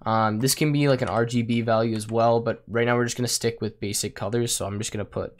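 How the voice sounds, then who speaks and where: A young man with a raspy voice he says he is losing, casually walking through a coding tutorial with plenty of ums and likes. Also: mid-range voice, fairly even intonation, quick pace, few pauses, slight background noise. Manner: casual, with fillers like um and like. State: losing his voice. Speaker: programming tutor. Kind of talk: screen-recorded coding tutorial.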